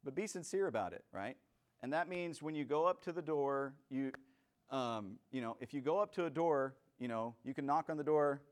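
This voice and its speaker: A man's voice: mid-range voice, normal speed. A man teaching church door-to-door outreach in a casual, conversational way, often checking in with "right?".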